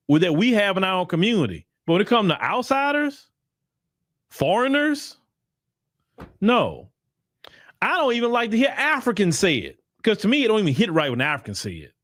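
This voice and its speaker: A man's voice: sits high, wildly swooping pitch, moderate pace, long pauses, a bit bright, no echo, clean studio sound. A man giving blunt, emphatic opinion commentary in casual slang, often repeating himself for emphasis. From United States. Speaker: commentary channel host.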